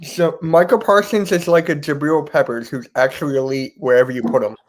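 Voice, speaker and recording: A man with a high voice hosting a casual football debate. He talks bluntly and combatively. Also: fairly even intonation, brisk. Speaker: host, football fan.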